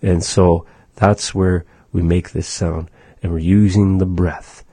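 A man teaching a language lesson, patiently explaining and slowly demonstrating how sounds are made. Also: sits low, little pitch movement, dark tone, husky, no echo.

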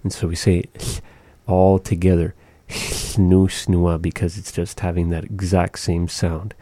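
Deep, mellow male language teacher; slow, patient, demonstrates sounds. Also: flat delivery, slightly rough, no room sound. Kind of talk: explaining pronunciation.

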